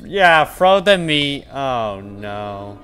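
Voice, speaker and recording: A man commentating his own horror game playthrough, muttering to himself between sudden panicked shouts. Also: mid-range voice, sing-song, very slow, faint music behind. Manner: mutters to himself, then yelps and shouts when scared. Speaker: gaming channel host.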